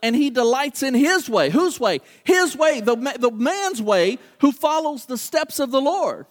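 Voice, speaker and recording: A middle-aged man preaching a sermon, animated and acting out little dialogues, repeating words for emphasis. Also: extremely high pitch, a little slow.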